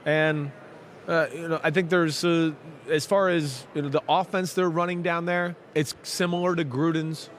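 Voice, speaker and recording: A man from New Jersey co-hosting a casual sports talk show, talking in a halting way with many fillers and restarts. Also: a little high, fairly even intonation.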